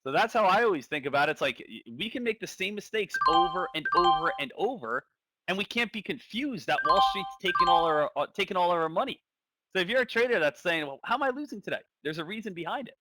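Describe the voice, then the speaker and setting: A man's voice: high-pitched, expressive, fast talker, over loud music. A man giving casual live commentary on a stock trading stream, thinking aloud and repeating phrases.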